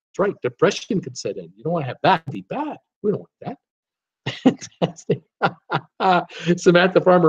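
Over lo-fi sound, this travel vlog host speaks at normal speed in a high, animated voice. He chats casually and enthusiastically on a livestream, reading out viewer comments and saying praise words again and again.

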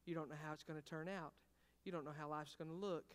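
A man preaching a sermon as pastor. He swings between hushed, intimate talk and loud, fervent preaching, and calls out questions to the congregation. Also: on the high side, fairly even intonation, quick pace. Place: church sanctuary. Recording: long reverb of a large hall.

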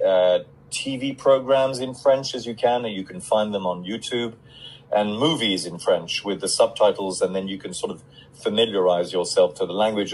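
A man's voice: fairly low pitch, a little hiss or hum, low-quality recording. A middle-aged man on a casual live stream, reading out fan questions and answering them in a chatty way with many fillers.

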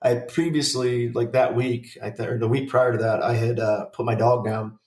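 A man's voice: medium pitch, steady tone, normal speed, darkish tone, reverberant, distant mic. A man in his forties telling a rambling, profane story in a casual podcast chat. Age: 40s. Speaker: podcast co-host.

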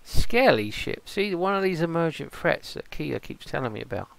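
A man's voice: fairly high pitch, sing-song, normal speed, gravelly, a bit bright, dry recording, heavily acted. A man playing an easygoing male pirate in a game role-play stream, rambling and musing aloud to himself. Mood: chatty.

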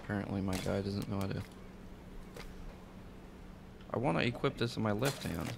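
A man's voice: lowish voice, fast, gravelly. A man streaming a game, chatting casually with mild exclamations and easy surprise. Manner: relaxed, easily startled, mild exclamations. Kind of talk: casual gameplay chat. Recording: noisy stream audio.

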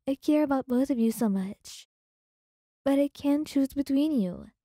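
A woman's voice: high-pitched, a little slow, dark tone, no echo, studio quality, voice pushed up. A woman voicing a torn young woman caught between two suitors, in whispered role-play. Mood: pleading.

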